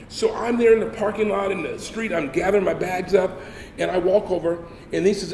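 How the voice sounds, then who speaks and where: Man preaching with funny stories, kinda high voice, big echoey hall. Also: a little fast, vocal fry, distant mic, a little hiss or hum. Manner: animated, humorous storytelling. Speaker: guest speaker. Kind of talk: storytelling sermon. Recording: echoey hall with faint ambience.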